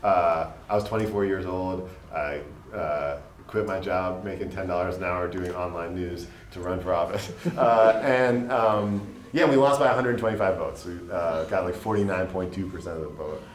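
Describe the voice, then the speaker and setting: A man's voice: low voice, fairly even intonation, moderate pace, hardly any pauses. A man, a state legislator answering at a panel in an earnest, rambling way, full of fillers. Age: late 20s. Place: public panel event room. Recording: echoey room, faint background noise.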